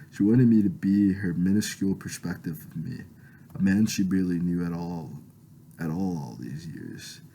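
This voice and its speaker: A man's voice: low-pitched, warm tone, a little hiss or hum, poor audio. A man reading his own first-person novel aloud in a plain voice, often stumbling and correcting himself. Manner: plain reading with frequent restarts and self-corrections.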